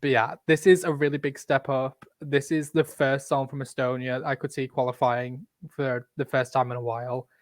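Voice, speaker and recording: A man's voice: medium pitch, level tone, normal speed, few pauses, dry recording, clean studio sound. A man with a thick Yorkshire accent, co-hosting a podcast in casual, blunt and profane banter. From Yorkshire, England. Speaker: podcast co-host. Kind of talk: casual chat.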